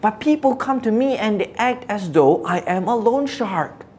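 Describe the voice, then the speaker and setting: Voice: mid-range voice, normal speed, darkish tone, close to an everyday voice. A preacher voicing a weary, frustrated prophet, an adult man, in a lamenting, pleading way. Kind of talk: Bible teaching with spoken quotes.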